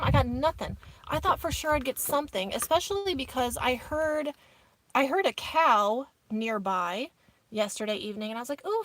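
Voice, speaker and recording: This woman's voice is high and a bit bright, with no room sound at all. She's hosting a live stream as a vlogger, sitting in her minivan while camping off grid outdoors, chatting casually, reading comments from viewers aloud, and calling them "y'all."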